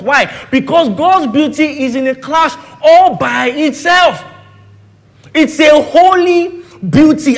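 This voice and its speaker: The sermon comes from a very high-pitched man speaking Nigerian-accented English. He alternates loud proclamations with hushed side remarks and keeps putting rhetorical questions to his listeners in the congregation.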